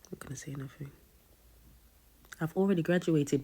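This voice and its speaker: A woman's voice: sits low, moderate pace, mellow, breathy edge. A young woman doing comedic rants and mock courtroom sentencings with an exasperated, sarcastic delivery. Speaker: comedy content creator.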